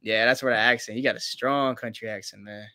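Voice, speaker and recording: A young man co-hosting a sports talk show, animated and opinionated with casual slang. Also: mid-range voice, brisk, smooth, no echo, studio quality. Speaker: co-host and student sports writer.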